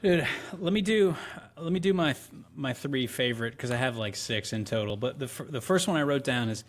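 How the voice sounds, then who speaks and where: A man's voice: mid-range voice, lively intonation, fairly quick, hardly any pauses. A middle-aged man co-hosting a casual movie podcast, retelling scenes and acting out lines in a raised voice. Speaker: podcast co-host.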